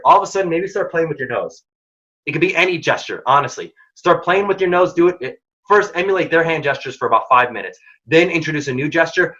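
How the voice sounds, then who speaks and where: A man's voice: a little high, a bit bright, muffled recording. A man giving direct, emphatic career advice in a workshop talk. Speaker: workshop speaker.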